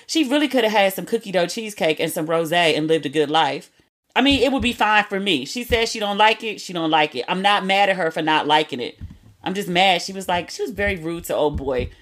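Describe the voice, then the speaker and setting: Woman, thirties, podcast host, chatty, animated storyteller, mid-pitched voice. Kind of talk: casual solo chat.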